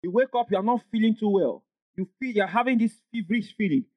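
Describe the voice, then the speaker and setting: A man preaching a sermon as pastor, emphatic, rising into shouts and call-and-response with the congregation. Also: high voice, quick pace, no room sound, muffled recording.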